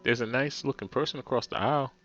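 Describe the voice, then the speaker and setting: A man's voice: mid-range voice, fast talker, fairly bright tone, highs cut off, faint music behind, natural voice. A man with a New Jersey accent voicing a protective, sassy young big sister with a defiant, teasing manner.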